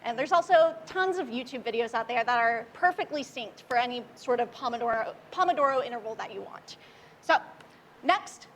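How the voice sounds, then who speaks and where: A woman's voice: sits high, fairly bright tone. A young woman from Oklahoma giving a casual, upbeat and chatty talk at a tech meetup. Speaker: meetup speaker.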